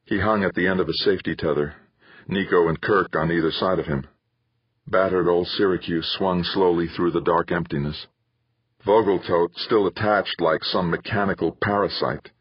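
Deep husky male audiobook narrator. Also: fairly even intonation, dry recording. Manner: measured storytelling. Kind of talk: scripted narration. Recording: dull lo-fi audiobook recording.

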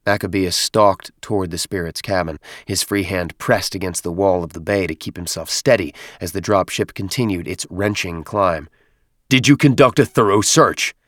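A man reading an audiobook in steady, measured scripted narration. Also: sits low, dry recording, clean studio sound.

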